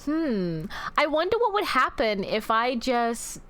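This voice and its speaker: A woman's voice: high-pitched, sing-song, takes it slowly, fairly bright tone. A woman streamer chatting casually with her viewers, teasing them in theatrical mock-villain banter and swearing freely. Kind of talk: casual livestream chat with viewers.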